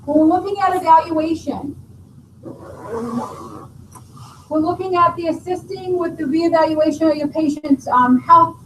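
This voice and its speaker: A woman's voice: very high-pitched, unhurried, pauses often, fairly bright tone, far from the mic. A woman teaching a nursing class, explaining and quizzing her students. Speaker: nursing instructor. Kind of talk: classroom lecture. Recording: roomy classroom recording from afar, faint noise.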